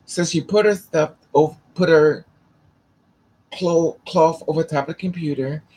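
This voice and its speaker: Man, husky voice, slightly high pitch, rambling casual vlog storytelling, swears freely. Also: steady tone, measured pace, darkish tone. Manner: rambling, restarts, profane. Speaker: vlogger.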